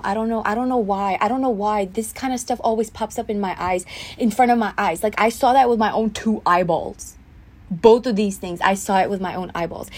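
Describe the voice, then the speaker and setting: A young woman hosts her own podcast and tells a story from her life. She sounds indignant and heated, with many fillers and restarts. Her voice sits at a middle pitch. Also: darkish tone, slightly rough. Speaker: podcast host.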